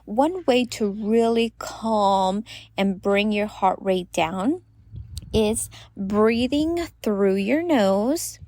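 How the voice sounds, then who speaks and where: Woman host in her thirties, casual advice podcast, chatty, lots of fillers, mid pitch. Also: a little mellow, slight background noise. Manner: chatty, many "you know" fillers.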